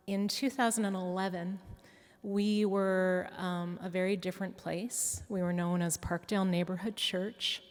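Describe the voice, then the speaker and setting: A woman speaks slowly and deliberately on a church panel, pausing often to choose her words. Her voice sits fairly low. The long echo of a large sanctuary surrounds her. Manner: measured, careful, with many fillers. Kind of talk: panel talk.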